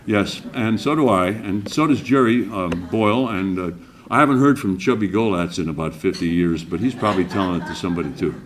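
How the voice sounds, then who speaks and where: A man's voice: low voice, fairly quick, slight background noise. An older man hosting an awards breakfast, telling a jovial anecdote and acting out the voices in it. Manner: jovial anecdotal storyteller, acts out quotes. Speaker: awards emcee. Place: banquet room.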